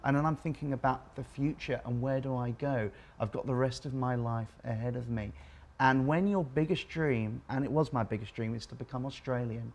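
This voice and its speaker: A man's voice: mid-range voice, normal speed. Thoughtful English man, reflective. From England. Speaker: co-host. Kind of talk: casual panel chat.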